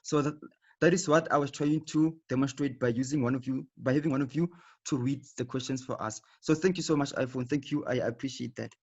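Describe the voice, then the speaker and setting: Fairly quick and medium-pitched with a breathy edge, a man teaches a live online lesson through a video call. Patient explanations, repetition and frequent "okay" check-ins fill the dull, low-fidelity audio.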